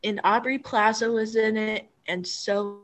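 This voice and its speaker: A woman's voice: on the high side, fairly even intonation, a little slow. A woman co-hosting a podcast, chatting casually in a jokey, rambling way. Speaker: podcast co-host. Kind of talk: casual chat.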